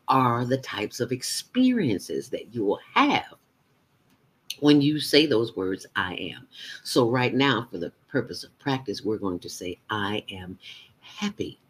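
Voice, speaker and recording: A woman's voice: extremely low pitch, slightly rough. A woman guiding a morning breathing meditation, playful and chatty, talking to herself and dropping into whispers. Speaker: mindfulness teacher.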